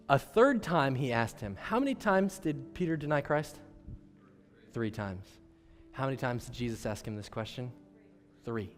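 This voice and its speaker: A man preaching a sermon as pastor, moving between loud and hushed delivery and acting out dialogue between characters. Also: medium pitch. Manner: dynamic, swings from loud to hushed. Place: church sanctuary. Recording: long church hall reverb.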